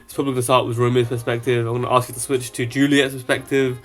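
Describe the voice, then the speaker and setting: A man's voice: mid-range voice, flat delivery, very fast, fairly bright tone, faint music behind. A man casually showing off an app he built, rambling with lots of fillers. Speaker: app developer. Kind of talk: casual product demo.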